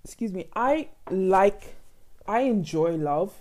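A young woman, co-hosting a casual chat, expressive and emotional, rambling with many fillers. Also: mid-range voice, takes it slowly. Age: young adult. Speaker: podcast co-host.

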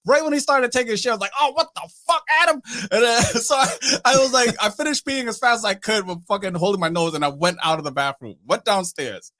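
A man's voice: high-pitched, fast, hardly any pauses, dry recording. A young man casually telling a rude party story to friends on a podcast, swearing and acting out what people said. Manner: animated, swearing, acts out quotes. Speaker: podcast host.

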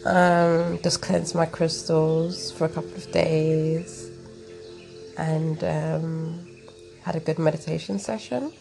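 Slow, gravelly London woman host. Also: low voice, steady tone, a little mellow, soft background music. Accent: London English. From England. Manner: slow and hesitant, many fillers. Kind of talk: casual chat.

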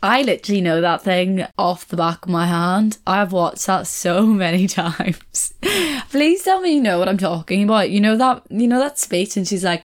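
A young woman vlogging in a casual chat to camera, talkative and quick to correct herself. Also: medium pitch, lively intonation. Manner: chatty, self-correcting, laughs often.

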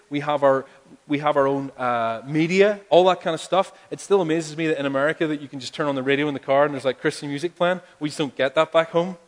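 A male pastor preaching a sermon, talking conversationally and building to emphatic appeals. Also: fairly high pitch. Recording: long hall reverb.

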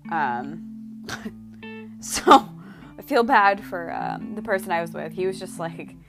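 A young woman from Canada gushing about a trip in a casual vlog, her voice sitting on the lower side for a woman. She swears freely and strings every phrase together with "like." Plucked guitar music plays clearly behind her. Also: very animated, takes it slowly. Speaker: vlogger. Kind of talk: casual chat.

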